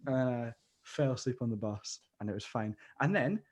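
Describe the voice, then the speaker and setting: A man's voice: mid-range voice, moderate pace, a little mellow. A young Scottish man, a podcast co-host, telling a long rambling story in casual chat and acting out the people he quotes. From Scotland. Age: young adult.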